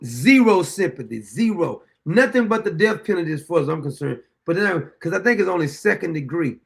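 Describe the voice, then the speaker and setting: Hosting his own show, a man gives indignant, profane commentary on a courtroom video, rambling and restarting as he goes. His voice is high and gravelly throughout, expressive and quick.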